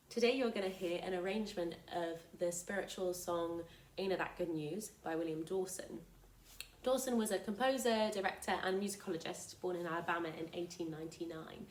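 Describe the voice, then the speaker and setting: Enthusiastic young woman in an echoey room. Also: mid-range voice. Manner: enthusiastic, explanatory. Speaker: soprano and choral conducting fellow. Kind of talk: casual spoken introduction to a choral piece. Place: living room at home.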